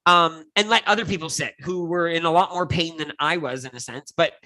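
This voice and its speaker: A man co-hosting a relaxed chat, telling stories with lively, expressive delivery. His voice is bright and forward, and the sound is close and dry with no room around it. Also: fairly quick, no echo, low-quality recording. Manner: animated storyteller, acts out quotes with big pitch jumps. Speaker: co-host. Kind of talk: casual chat.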